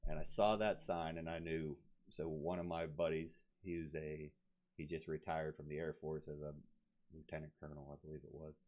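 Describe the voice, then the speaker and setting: A man's voice: extremely low pitch, moderate pace. A man telling a story in casual podcast talk, swearing freely and acting out the people he quotes. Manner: profane, animated, acts out quoted voices. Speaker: guest. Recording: dull lo-fi podcast audio.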